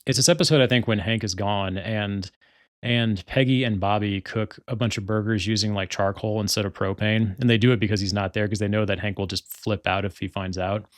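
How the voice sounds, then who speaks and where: A man's voice: fairly low pitch, steady tone, fairly quick, no echo, clean studio sound. A young man hosting a solo podcast, chatting casually and rambling with lots of filler words. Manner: rambling, many filler words, frequent laughter. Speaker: podcast host.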